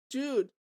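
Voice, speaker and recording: Young woman streamer from Canada, light high voice, loose laughing chatter with plenty of swearing, close dry mic. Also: mellow, dry recording. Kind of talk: casual chat to stream viewers.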